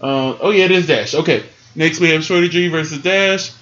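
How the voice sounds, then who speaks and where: A man giving a sassy, animated casual recap of a wrestling show, laughing often and jumping into high squeals. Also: brisk, highs cut off.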